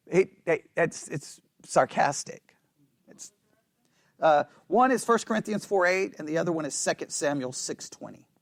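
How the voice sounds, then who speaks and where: A man's voice: high voice, dry recording. A man teaching a Bible study class in a casual, conversational way, often checking in with his listeners and joking with dry self-mocking sarcasm. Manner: animated, checks in constantly with "right?".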